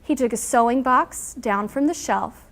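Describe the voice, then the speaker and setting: A woman teacher reading a picture book aloud to her class, acting out the characters' lines with animated emphasis and pausing to explain. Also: on the high side. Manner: animated storyteller, acting out character lines with big loud pushes.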